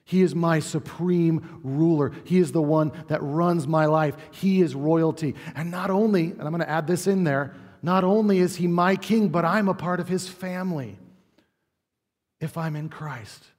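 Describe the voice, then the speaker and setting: A man delivers a sermon from the front of a church, his voice slightly higher than most men's. He is earnest, rushing through some phrases and sinking low and soft on key lines. The sanctuary gives his words a long, lingering reverb. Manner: earnest, varies pace and volume, drops low for emphasis. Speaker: pastor.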